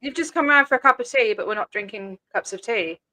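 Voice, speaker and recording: A woman hosts a casual livestream chat with a bright, slightly high voice. She talks in an animated, blunt way, swears freely and laughs quickly between points. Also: dry recording. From Australia. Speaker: livestream host.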